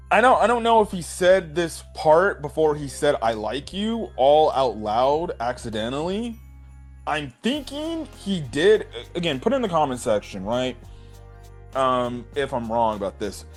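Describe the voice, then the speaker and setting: A young man excitedly recapping an anime episode in a rambling, casual way, full of "bro" and "right?". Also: fairly high pitch, slow pace, long pauses, faint music behind. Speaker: anime reviewer.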